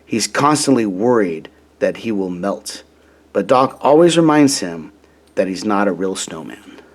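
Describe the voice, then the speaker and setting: A man reading a children's storybook aloud in a gentle, deliberate way. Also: fairly low pitch, expressive. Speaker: storybook reader.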